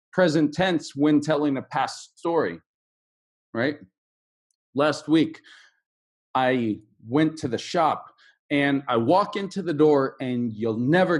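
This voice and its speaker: A middle-aged man teaching English in an online lesson, drilling word stress with slow, drawn-out repetitions. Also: a little high.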